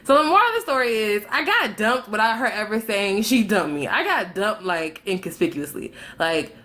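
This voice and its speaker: A young woman vlogger telling a story to camera in a loose, conversational way. She is animated and dramatic, swears freely, and plays out both sides of the conversation. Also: medium pitch, brisk, hardly any pauses. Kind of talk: casual storytime vlog.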